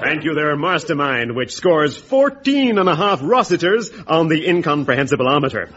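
A man announcing in a smooth, mock-grand style, in a radio comedy sketch. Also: fairly high pitch, very animated, moderate pace, very noisy. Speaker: show announcer. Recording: dull old radio recording with loud music.

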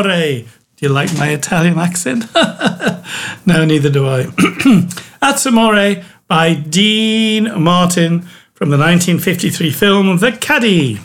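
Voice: medium pitch, slow. A radio music presenter who introduces old songs with wry, self-mocking asides.

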